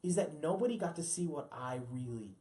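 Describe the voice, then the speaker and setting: A man's voice: a little high, animated, a little fast, dark tone. A man chatting animatedly as a guest voice actor on a podcast, with many fillers. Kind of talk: casual podcast chat.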